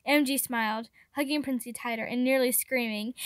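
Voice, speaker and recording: Woman, story read-aloud, high pitch, dry sound, steady reading. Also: moderate pace, hardly any pauses, dry recording. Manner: steady reading with occasional stumbles. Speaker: reader. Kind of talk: reading fan fiction aloud.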